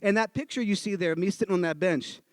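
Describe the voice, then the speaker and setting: Here a high-voiced, fast-talking man from the northeastern US shares a personal story live with an audience. He brings it to life animatedly, playing every character himself, and the audio has no echo.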